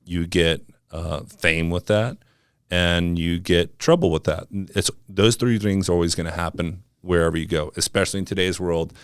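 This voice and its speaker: A man's voice: sits low, fairly even intonation, normal speed, smooth, dry recording, studio quality. A man hosting a conversational podcast, talking in a loose, rambling way full of fillers and restarts. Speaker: podcast host. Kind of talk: casual interview conversation.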